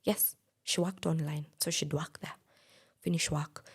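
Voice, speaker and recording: A woman's voice: low voice, fairly even intonation, a little slow, breathy edge. A woman, speaking candidly as a guest and telling a personal story in a podcast interview. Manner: candid, plain-spoken.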